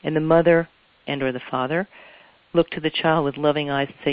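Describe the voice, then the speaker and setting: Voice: medium pitch, fairly even intonation, a little fast, no echo, muffled recording. A couples therapist giving an earnest, explanatory interview answer and often repeating phrases for emphasis.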